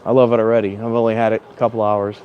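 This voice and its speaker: A man with a lowish, flat voice talks rapid-fire in a rambling, chatty vlog recorded outdoors at a train station in strong wind. He's using a clip-on mic connected to the phone in his hand, so the highs are cut off, and he self-corrects and occasionally raises his voice.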